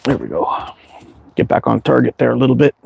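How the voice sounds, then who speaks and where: A man's voice: mid-range voice, steady tone, fairly quick, gravelly, darkish tone, a little hiss or hum. Tired, easygoing man hosting a live chat. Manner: easygoing, rambling, many fillers and restarts. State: tired, worn out. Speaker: livestream host reading viewer chat. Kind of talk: casual live chat while target shooting.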